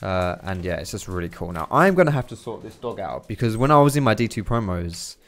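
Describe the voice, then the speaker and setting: A young man giving casual, swearing gameplay commentary, chatty and quick to laugh. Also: on the low side, very animated. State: out of breath. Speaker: gaming commentator.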